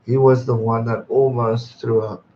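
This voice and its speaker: A man's voice: medium pitch, level tone, moderate pace, a little hiss or hum. Young man in his twenties, casual live-stream chat, laid-back and swearing, reads viewer comments, slightly dull lo-fi audio. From England. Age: 20s. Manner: chatty and laid-back, swears freely and laughs often. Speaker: streamer hosting his birthday livestream.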